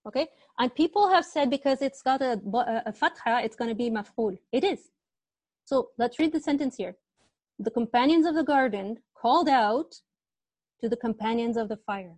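A woman teaches an online grammar class with a fairly high voice. She quizzes her students patiently, repeating questions and answers back to them. The sound is dry, with little room around it. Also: normal speed, darkish tone, no echo.

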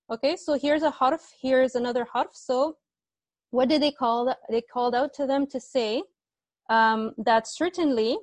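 A woman's voice: on the high side, a little mellow, no echo. Woman teacher leading a grammar class. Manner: patient, asks students questions and repeats answers. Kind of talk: online Arabic grammar class.

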